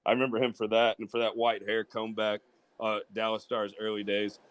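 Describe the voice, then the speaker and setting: A man's voice: fairly low pitch, flat delivery, fairly quick, dry recording. A man co-hosting a casual sports talk show, rambling and restarting his sentences with lots of fillers. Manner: rambling, repeats himself with many fillers. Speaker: co-host.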